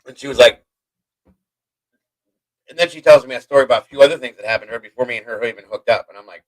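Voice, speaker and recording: A man hosting a live stream, telling a long personal story in a rambling, profane, animated way. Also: medium pitch, fast, pauses often, poor audio. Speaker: host. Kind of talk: livestream storytelling.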